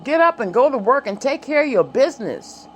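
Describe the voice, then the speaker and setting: A woman's voice: high voice, very animated, brisk, a little hiss or hum. A middle-aged woman vlogging in a casual, chatty way, telling stories, laughing often and talking to her viewers and a child. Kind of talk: casual chat, reminiscing.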